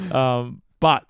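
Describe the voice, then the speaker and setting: A man's voice: mid-range voice, a bit bright, smooth, dry recording, dull audio. A man co-hosting a sports podcast in casual chat, joking and swearing now and then. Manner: jokey, swears, laughs a lot. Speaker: podcast co-host.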